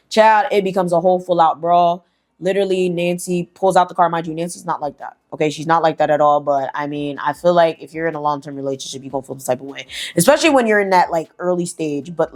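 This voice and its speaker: A woman's voice: sits low, darkish tone. A woman telling a story in a casual, slangy, chatty way, swearing freely. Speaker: storyteller host.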